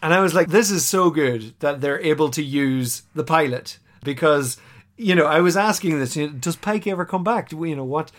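A man casually recapping a TV episode on a podcast, animated and quick to act out the characters' lines. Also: a little high. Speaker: podcast co-host.

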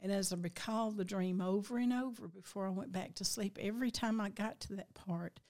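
An older woman with a drawl recounts a vivid dream. She speaks in a middle pitch, slowly and reflectively. She is heartfelt, and her voice at times catches with feeling. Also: darkish tone. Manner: heartfelt, slow and reflective, voice breaking with emotion at times. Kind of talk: emotional personal storytelling.

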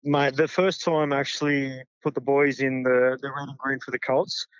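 Heartfelt Australian football coach. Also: male voice, mid-range voice, little pitch movement, moderate pace, clear, resonant tone, no room sound, dull audio. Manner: sincere, heartfelt. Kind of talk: casual interview.

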